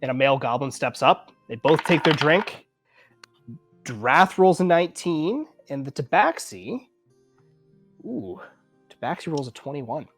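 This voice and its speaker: A man's voice: on the high side, measured pace, pauses often, soft background music. A man from Canada narrating a tabletop game as game master, loose and chatty. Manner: loose, lively narration with many fillers.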